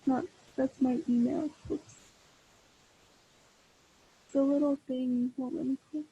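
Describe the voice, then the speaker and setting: A young woman teaching a class over a video call, explaining patiently and slowly with many fillers and restarts. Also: sits high, fairly even intonation, warm tone, muffled recording, slight background noise. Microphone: computer mic on a video call.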